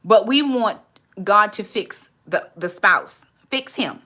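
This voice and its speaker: A woman, hosting a casual faith talk and switching into quick high voices to act out other people. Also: expressive, pushed and bright. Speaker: channel host, mother giving faith advice.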